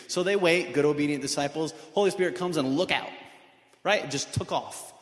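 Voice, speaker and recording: A man with a slightly high voice preaches an earnest sermon, asking his congregation question after question. His voice rings around a large church hall with a long, roomy echo. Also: fairly quick. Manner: earnest, many rhetorical questions. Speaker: pastor. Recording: echoey hall with long reverb.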